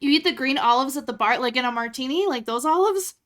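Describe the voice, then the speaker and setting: Quick and animated, this woman has a high-pitched, fairly bright voice. She's a streamer who chats casually with her audience while editing photos, rambling, saying "like" a lot, and laughing easily.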